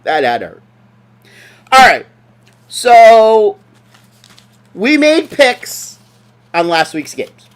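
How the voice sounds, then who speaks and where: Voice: mid-range voice, huge pitch swings, drawn-out words, pauses often. A podcast co-host in casual sports chat, ranting and mocking with lots of swearing.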